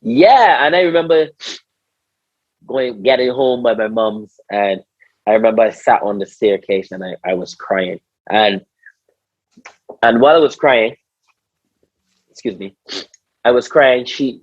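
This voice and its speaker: A man's voice: medium pitch, moderate pace, pauses often, breathy edge, no room sound. A man with a Barbadian accent, a former cricketer being interviewed, telling stories animatedly, repeating words and acting out what people said. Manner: animated, repeats words, acts out quotes, says "bro". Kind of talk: casual storytelling interview. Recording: slightly dull, dry podcast audio.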